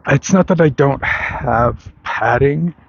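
The muffled recording, with a little background noise, catches a man well into adult life vlogging as he walks a street. Speaking slowly at medium pitch with a creaky edge, he rambles casually, restarts his sentences and gives wry laughs.

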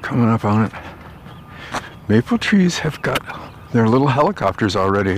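A man's voice: medium pitch, sing-song, a little hiss or hum. A man rambling aloud in a meandering walk-and-talk monologue, outdoors on his way home through a park. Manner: meandering, musing aloud with pauses and restarts. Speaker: vlogger.

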